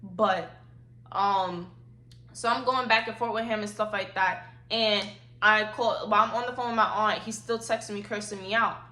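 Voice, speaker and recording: A woman's voice: medium pitch, steady tone, moderate pace, pushed and bright. An 18-year-old woman telling a personal story for her vlog in slangy, emphatic talk, often repeating her points, recorded on a phone. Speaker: vlogger. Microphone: phone camera. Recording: roomy echo.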